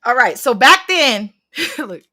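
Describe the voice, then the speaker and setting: A woman in her thirties with a bright, forceful voice sitting a little high, chatting casually on a stream. She swings widely in pitch and acts out scenes with sudden loud bursts, swearing freely as she goes. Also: big pitch swings, takes it slowly. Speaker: stream co-host telling a personal story. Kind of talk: casual chat, animated storytelling.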